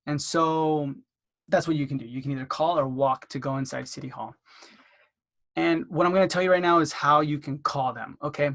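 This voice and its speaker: A man's voice: fairly high pitch, steady tone, normal speed, vocal fry, a bit bright. Chatty man coaching with acted-out calls. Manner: acts out phone dialogues in a raised voice; loose, filler-heavy delivery. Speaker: dental marketing instructor. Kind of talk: casual instructional talk.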